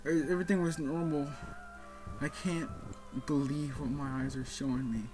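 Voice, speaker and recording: A man's voice: a little high, level tone, moderate pace, darkish tone, faint music behind. A man playing through a story game, reading the on-screen text aloud and reacting emotionally to what happens. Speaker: let's play gamer. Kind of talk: game playthrough commentary.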